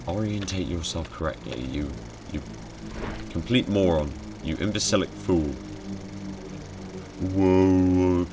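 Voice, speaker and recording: A man's voice: low-pitched, unhurried, over music. A man commenting casually on a game he is playing, sarcastic, swearing a lot and easily startled. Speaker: game streamer.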